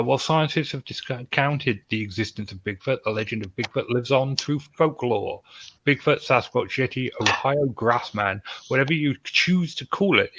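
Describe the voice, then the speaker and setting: A man's voice: mid-range voice, fairly bright tone, no echo, poor audio. A man hosting a podcast, reading news stories with joking, sarcastic asides. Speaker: podcast host.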